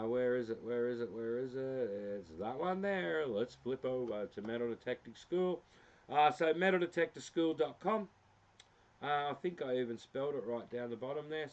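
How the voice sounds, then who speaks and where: A man's voice: medium pitch, a little mellow. An Australian man hosting a casual livestream, talking through a website with lots of fillers and self-deprecating asides. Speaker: livestream host. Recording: slightly dull lo-fi sound.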